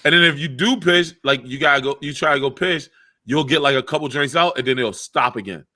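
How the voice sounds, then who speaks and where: A man's voice: mid-range voice, fairly quick, pushed and bright. Profane rambling male podcast host. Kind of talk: crude casual banter.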